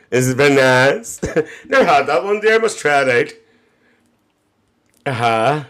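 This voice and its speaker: A gossiping Northern Irish auntie, put on by a man, chatting on a phone livestream and calling everyone "dear". The voice sits fairly high and swoops up and down, with laughter bubbling through the chatter. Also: sing-song, takes it slowly, fairly bright tone, heavily acted. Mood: cheeky. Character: cheeky gossiping Northern Irish auntie, middle-aged woman. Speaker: livestream host. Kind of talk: live-stream chat reading viewer comments.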